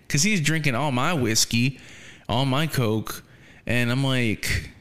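A man's voice: mid-range voice, lively intonation, moderate pace, fairly bright tone, smooth. A man hosting a podcast, chatting casually and swearing freely, laughing often. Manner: profane, laid-back, laughs often. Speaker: podcast host.

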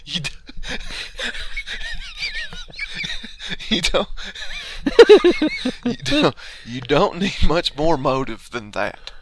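A man's voice: fairly high pitch, sing-song, normal speed, few pauses, fairly bright tone. A man co-hosting a podcast in casual chat, incredulous and profane, swearing a lot as he reacts. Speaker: podcast co-host; teacher.

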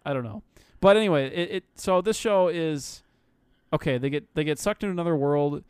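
A man's voice: fairly high pitch, brisk, clear, resonant tone, no room sound, studio quality. A man co-hosting a casual anime review chat, jokey and laughing often. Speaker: podcast co-host.

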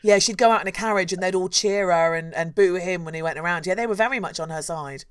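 A woman, co-hosting a casual history podcast and telling a story with lively acted-out quotes. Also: on the low side, quick pace, clear, resonant tone. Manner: animated storyteller, acts out quotes. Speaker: podcast co-host.

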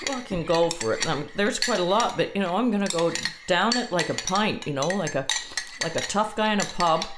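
A woman's voice: fairly low pitch, lively intonation, fairly quick, background noise. A woman co-hosting a podcast in casual chat, wearing headphones, cheeky and giggly as she eats and fiddles with things. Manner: cheeky, giggly, chats while eating and multitasking. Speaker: podcast co-host.

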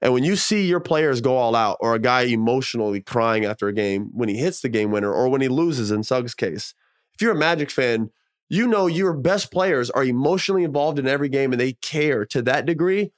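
A former professional basketball player co-hosts a casual sports podcast, animated and emphatic, using slang and swearing casually. He has a mid-range voice and talks fairly quickly, with clean studio sound and no room sound.

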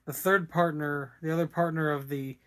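Rambling man with a slightly high voice. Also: fairly even intonation, moderate pace, fairly bright tone. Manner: rambling, laughing, crude jokes. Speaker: podcast co-host. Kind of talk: casual movie discussion chat.

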